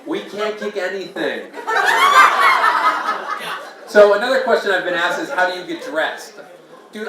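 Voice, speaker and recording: A man's voice: fairly high pitch, heavy background noise. A man doing a self-deprecating stand-up set at an open mic night in a small bar, bantering with the crowd. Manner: jokey, self-deprecating, playful crowd asides. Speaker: stand-up comedian. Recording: echoey room mic from a distance. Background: audience laughing.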